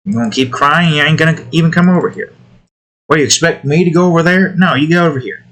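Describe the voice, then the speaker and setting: A man's voice: on the high side, fast talker, a bit bright. A man talking casually to himself while drawing digital art, muttering about his work and snapping at his cat. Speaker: artist drawing on stream.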